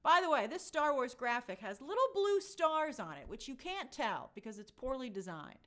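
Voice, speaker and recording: At a moderate pace and in a high voice, this woman hosts a casual live stream covering entertainment news. She reads the chat out loud with plenty of energy and slips into put-on quotes.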